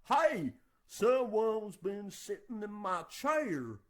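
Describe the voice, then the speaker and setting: A woman voicing a gruff, protective father bear in a comic storybook telling, speaking in a booming, indignant way. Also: big pitch swings, drawn-out words, heavily acted.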